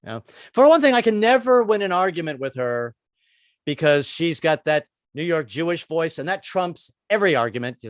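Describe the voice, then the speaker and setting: A man's voice: on the high side, sing-song, normal speed, no room sound, clean studio sound. Stammering comedian in his sixties. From United States. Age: 60s. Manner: rambling, stammering restarts, self-deprecating. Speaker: stand-up comedian. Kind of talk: stand-up comedy set.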